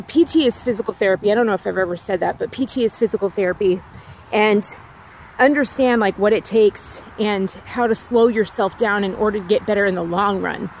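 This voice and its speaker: A woman's voice: mid-range voice, slight background noise. A woman vlogger in a casual, rambling chat, talking outdoors near her home and repeating herself with lots of "like"s.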